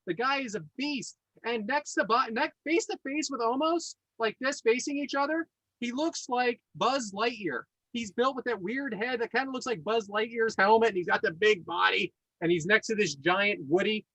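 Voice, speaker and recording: A man hosting a podcast in casual chat, enthusiastic and quick to laugh and joke. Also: extremely high pitch, sharp tone, no room sound, low-quality recording. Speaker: podcast host.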